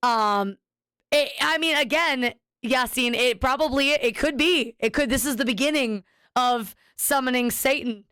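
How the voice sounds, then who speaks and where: A woman's voice: sits high, measured pace, a bit bright, smooth, no room sound, clean studio sound. A woman streamer chatting casually with viewers, rambling and cutting herself off mid-sentence as she tells a story. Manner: rambling, self-interrupting storyteller.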